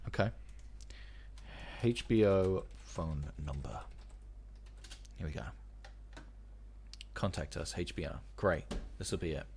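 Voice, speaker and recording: A man's voice: sits low, takes it slowly, long pauses, darkish tone, slight background noise. A man hosting a live stream in casual chat, ranting in an exasperated, profane way. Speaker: streamer and show host.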